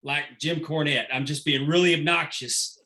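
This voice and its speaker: A man, a longtime wrestling referee, telling lively anecdotes in a casual interview and acting out the quotes. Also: a little high, moderate pace. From Texas. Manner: animated anecdotal storyteller, acts out quotes.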